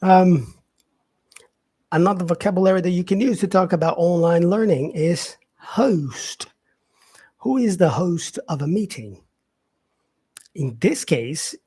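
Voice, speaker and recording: A man teaching English vocabulary on a live stream, explaining slowly and filling pauses with "yeah" and "um". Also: a little high, darkish tone, husky. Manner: explains slowly, with many fillers and repeated "yeah". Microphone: facing camera, streaming live.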